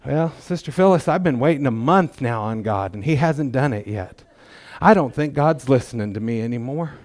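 A man's voice: medium pitch, animated, normal speed, a little mellow, lightly acted. A man voicing a discouraged churchwoman who complains in a raised, whiny tone.

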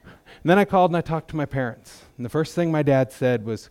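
A man's voice: on the high side, animated, a little fast, a little mellow, clean tone, no room sound. A middle-aged man giving a testimony in church, talking in a folksy, conversational way with self-deprecating humor. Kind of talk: sermon testimony.

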